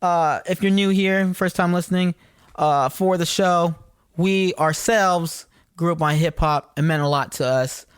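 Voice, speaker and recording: A man's voice: on the high side, measured pace, clear, resonant tone, no echo, clean studio sound. A young man, co-hosting a podcast and telling casual stories with lots of swearing. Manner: swearing, animated storyteller. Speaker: podcast co-host. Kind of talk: casual storytelling chat.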